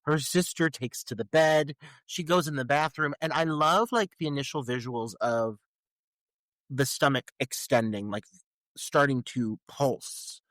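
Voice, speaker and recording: A man in a casual podcast chat, digging into a film scene with plain enthusiasm and a careful eye for detail. His voice sits at an ordinary male pitch and comes through a close mic with a dry, dead sound. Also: a little slow, fairly bright tone, no room sound. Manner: enthusiastic, analytical. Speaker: podcast co-host.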